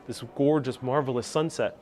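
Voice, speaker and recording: Streaming live from a skyscraper's observation deck, a man gives a chatty tour and reads out viewer comments along the way. His voice is medium-pitched and darkish, fairly even in intonation, at a moderate pace, picked up by a wireless clip-on mic with the phone on a gimbal.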